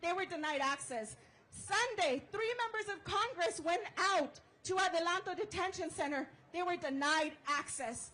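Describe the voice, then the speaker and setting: A woman union organizer giving an impassioned rally speech outdoors, shouting call-and-response chants to the crowd. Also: very high voice, normal speed, low-quality recording.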